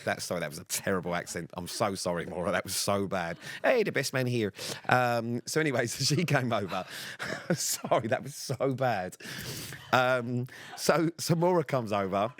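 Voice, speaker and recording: A man's voice: on the low side, normal speed, fairly bright tone. A man co-hosting a podcast, telling a story in casual chat with a British accent, blunt and sweary. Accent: British English. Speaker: podcast co-host.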